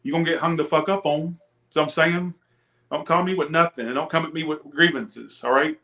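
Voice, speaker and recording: A man's voice: fairly high pitch, steady tone, brisk, creaky, bright, forceful tone. A young man giving a live-stream tarot reading, ranting profanely and chatting with his viewers. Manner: chats with viewers, laughs often. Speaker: tarot reader.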